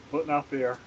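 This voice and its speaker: A man's voice: on the high side, muffled recording, slight background noise. A man from Canada chatting casually on a live stream while he cooks, laughing often and greeting viewers by name.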